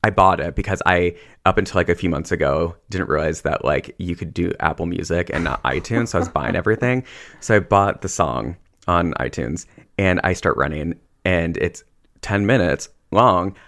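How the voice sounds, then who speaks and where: Low-voiced chatty male therapist. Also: moderate pace, a bit bright. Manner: chatty storyteller, heavy use of "like". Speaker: therapist and podcast co-host. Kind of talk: casual podcast chat.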